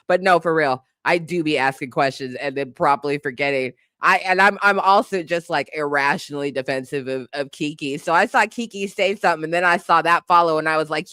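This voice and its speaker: A woman hosting a live stream in casual chat, laughing often and breaking into loud exclamations. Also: sits low, no room sound, clean studio sound. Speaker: livestream host.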